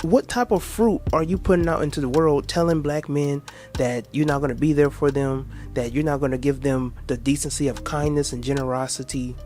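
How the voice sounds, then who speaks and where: A man's voice: on the high side, steady tone, brisk, a little mellow, soft background music. A man hosting a reaction video, lecturing in a preachy way, quoting scripture with crude asides.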